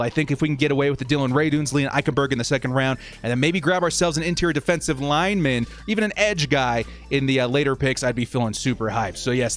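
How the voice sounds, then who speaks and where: A young man hosting a live fan stream, talking in an upbeat, chatty way as he thanks supporters and reads their comments. His voice sits a little high for a man. Soft music plays faintly underneath.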